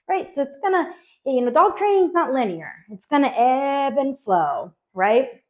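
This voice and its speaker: Woman dog trainer talking to owners, lively, acts out voices, kinda higher voice, dull muffled audio. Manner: animated, acts out dogs and owners in quick voices. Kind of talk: spoken instructional talk to dog owners. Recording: dull lo-fi sound.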